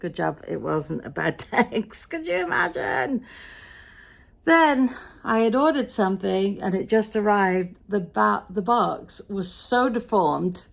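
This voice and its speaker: A woman's voice: mid-range voice, measured pace, vocal fry, hardly any pauses. A middle-aged British woman with an English accent, chatting casually in a day-in-the-life vlog, grumbling wryly about her day, tired and a bit frustrated. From Britain. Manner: chatty, grumbling storyteller with wry asides. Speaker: vlogger.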